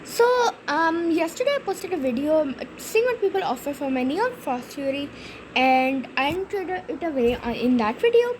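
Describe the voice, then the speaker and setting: A woman's voice: sits high, big pitch swings, normal speed, darkish tone, slight background noise, rough recording. A young woman hosting a gaming channel, rambling through a story with lots of fillers as she plays. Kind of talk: casual gameplay commentary.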